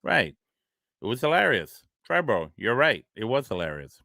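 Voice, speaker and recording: A man's voice: mid-range voice, big pitch swings, normal speed, creaky, sharp tone, dry recording, studio quality. A man hosting a casual spoiler chat about a horror movie. He acts out scenes, laughs often and answers a live chat. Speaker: horror show host.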